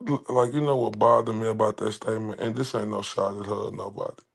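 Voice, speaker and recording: A man's voice: fairly low pitch, fairly even intonation, fast talker, creaky, breathy edge. A man giving casual commentary, chuckling between phrases and often repeating himself. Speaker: commentary vlogger.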